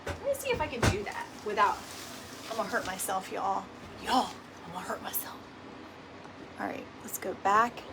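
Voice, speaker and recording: With a mid-range voice that swings widely in pitch, this middle-aged woman chats at normal speed with long pauses while crafting on a DIY decor livestream. Laughing often, she drops "y'all" and "right?", and the far-off mic catches audible room noise.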